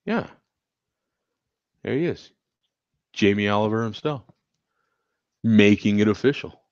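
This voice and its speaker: A man from the United States hosting a casual chat show, reacting to viewer comments with frequent laughs and animated exclamations. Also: lowish voice, measured pace, no room sound. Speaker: show host. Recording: dull, dry lo-fi sound.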